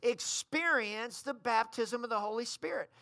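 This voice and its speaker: A man's voice: extremely high pitch, normal speed, gravelly, no echo. A man preaching a sermon, telling a story and calling the congregation to respond. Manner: storytelling, rising to shouted fervor.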